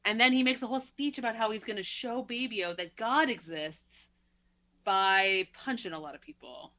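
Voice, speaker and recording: A woman's voice: mid-range voice, moderate pace, pushed and bright. A woman co-hosting a movie podcast in casual chat, wry and sarcastic, laughing between her remarks. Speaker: podcast co-host.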